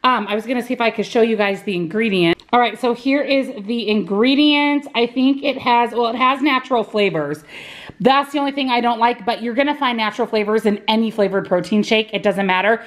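A lifestyle vlogger in her thirties films herself at home, moving between the garage and the kitchen, chatting casually and upbeat with her viewers. She's out of breath after a workout, and her voice is a little high and brisk.

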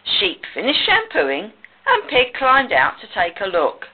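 A woman reads a children's picture book aloud, slowly and with very animated, swooping intonation. Her voice is a little husky. The audio is narrow and tinny, like a phone line. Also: medium pitch. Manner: slow, expressive storytelling. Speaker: storyteller.

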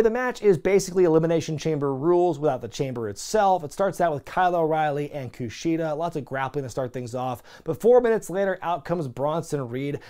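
A wrestling show reviewer with a dark tone and a voice on the high side casually recaps the weekly shows. He's chatty and opinionated, leaning heavily on "like" and "you know," and asks viewers for their predictions.

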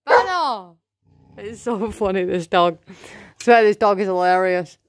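A woman filming her dog at home on a phone, talking to it and about it in an excitable, chatty way. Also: mid-range voice, a little slow. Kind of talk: casual home video commentary.

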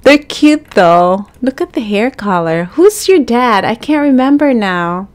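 A woman giving casual gameplay commentary, chatting to the characters on screen and bursting into excited exclamations. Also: mid-range voice, measured pace. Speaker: gaming channel host.

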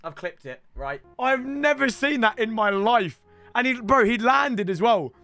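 Excitable gamer shouting at matches. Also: male voice, extremely high pitch, measured pace, faint music behind. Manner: excitable, shouts and rants at the game. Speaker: gaming YouTuber. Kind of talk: live gameplay commentary.

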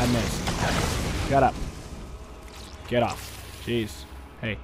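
A man's voice: fairly low pitch, fairly even intonation, unhurried, long pauses. A man with a worn-out voice rambles through a video game, cracking jokes and talking back at the enemies on screen. He keeps his voice down because people are asleep. Faint game music plays behind him. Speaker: let's play commentator. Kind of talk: goofy gameplay commentary.

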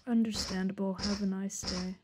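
A woman's voice: medium pitch, flat delivery, normal speed, background noise. A young woman streaming a horror game, joking to her chat and swearing when startled. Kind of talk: horror game let's play commentary.

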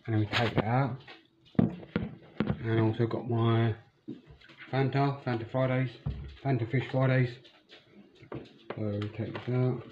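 A man's voice: mid-range voice, fairly even intonation, a little slow, long pauses. A young man making a casual cooking vlog in his home kitchen, blunt and sweary. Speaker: vlogger. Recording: muffled, noisy home recording. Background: household chatter and noise.

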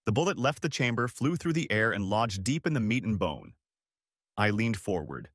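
A man narrating a first-person dramatic audiobook story in a measured, expressive way. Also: on the low side, no echo, clean studio sound.

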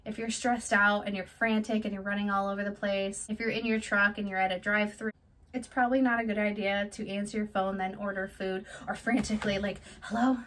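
A woman's voice: medium pitch, flat delivery, brisk, a bit bright, rough recording. A woman, a small business owner, giving direct, chatty tips in a casual how-to vlog. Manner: direct, chatty, plain-spoken.

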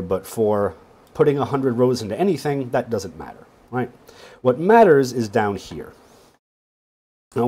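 A man giving a casual, wry screen-share lesson on databases, often checking in with a quick "right?". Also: medium pitch, darkish tone, slightly rough. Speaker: database instructor. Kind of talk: screen-share teaching walkthrough.

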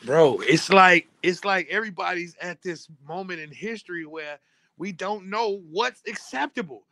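Male podcast co-host, slightly high voice, laid-back and wry, dry close mic. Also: normal speed, pushed and bright, no room sound. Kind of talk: casual podcast chat.

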